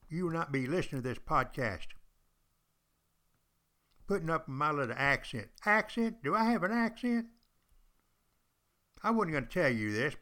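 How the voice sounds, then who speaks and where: A man's voice: mid-range voice, pushed and bright. Folksy older man. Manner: folksy, chatty, talks straight to listeners. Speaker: podcast host and retired college teacher. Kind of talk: storytelling podcast monologue.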